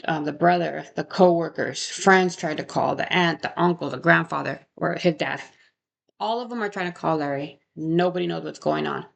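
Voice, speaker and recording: A woman's voice: deep voice, gravelly. A young woman casually talking through a true crime case, rambling and correcting herself, with frequent rhetorical questions. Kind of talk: casual chat.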